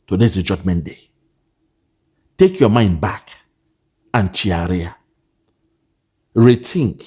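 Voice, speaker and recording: A man's voice: deep voice, lively intonation, slow, mellow, breathy edge. A man with a Nigerian accent delivering a political commentary monologue, repeating his points in a preaching way and slipping into pidgin. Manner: repetitive rhetorical preaching, switches into pidgin. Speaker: online commentator.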